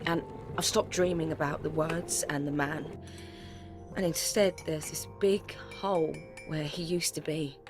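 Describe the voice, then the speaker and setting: A young woman narrator, raw and confessional, in a radio play. Her voice sits fairly low in pitch, over faint music. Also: fairly even intonation, measured pace. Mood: weary. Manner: intense, breathless, confessional. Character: young woman playwright, anxious, grieving and bitter. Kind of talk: dramatic first-person narration.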